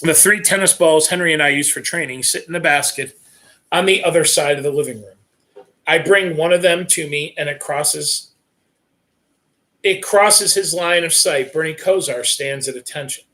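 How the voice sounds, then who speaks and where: A man's voice: on the high side, normal speed, pushed and bright. A man reading a first-person novel aloud in an earnest, tense storytelling manner. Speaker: reader.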